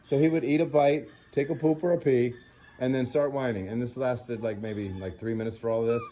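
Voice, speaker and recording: A man's voice: mid-range voice, steady tone, a little fast, a little hiss or hum. A tired man vlogging at home after a sleepless night, rambling with lots of fillers as he talks to the camera. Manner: rambling, filler-heavy, soft baby talk to a puppy. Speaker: animal sanctuary vlogger. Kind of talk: casual talk to camera.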